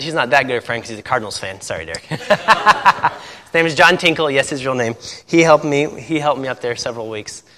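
A man's voice: a little high, bright, forceful tone. A man from Indiana, a missionary pastor, telling stories in a sermon and laughing often at them. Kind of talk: sermon storytelling. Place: church. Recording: long reverb of a church hall.

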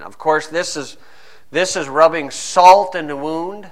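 A man preaching a sermon and reading scripture, emphatic, swinging between quiet asides and loud stressed phrases. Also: a little high, measured pace.

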